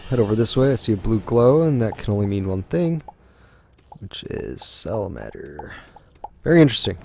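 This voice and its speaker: A man's voice: on the low side, mellow. A young man giving rambling let's-play commentary, musing aloud with lots of ums as he plays. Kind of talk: gaming commentary.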